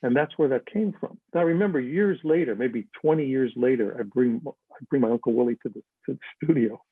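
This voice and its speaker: An older man telling stories as a guest, lively and animated, switching into other voices for quotes. His voice is a little husky and comes through a dry, tinny phone-like line. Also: medium pitch, brisk, no room sound. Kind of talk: casual storytelling chat.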